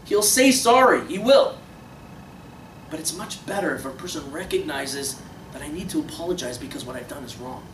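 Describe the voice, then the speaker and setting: A young man giving an impassioned religious lecture to a room of listeners, swinging between emphatic peaks and quiet low passages. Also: animated, moderate pace. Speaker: Torah teacher. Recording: echoey room, distant mic, faint noise.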